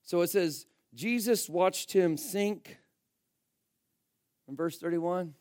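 A male pastor preaches in a high-pitched voice, talking to his congregation like a friend. He swings between loud emphatic bursts and quiet asides. The sound is dry and close, with no room echo. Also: slow pace. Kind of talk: sermon.

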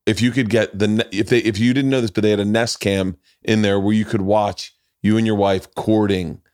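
Profane rambling man, low voice. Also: steady tone, a little fast, darkish tone, dry recording, clean studio sound. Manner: rambling, profane, acts out quotes in others' voices. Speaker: podcast host. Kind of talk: casual chat.

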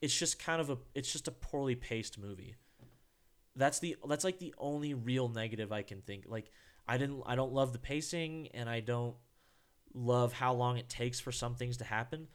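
A man's voice: mid-range voice, moderate pace. A man co-hosting a podcast in casual chat, rambling and restarting his sentences, swearing now and then. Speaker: podcast co-host.

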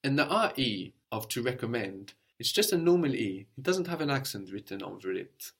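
Very animated and at medium pitch, a male teacher leads a spoken language lesson. He steadily and patiently covers pronunciation, pausing to fire short quiz questions at his student.

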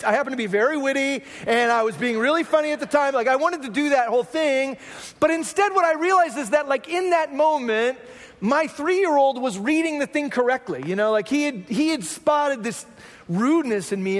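A man's voice: extremely high pitch, fast, long reverb tail. A man preaching a sermon, telling a self-deprecating family story with jokes. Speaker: pastor.

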